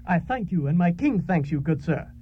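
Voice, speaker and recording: A man's voice: on the high side, animated, normal speed, slightly rough. Man doing a pompous gallant knight. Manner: grandiose mock-archaic speech. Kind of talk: radio comedy acting. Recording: dull lo-fi radio recording.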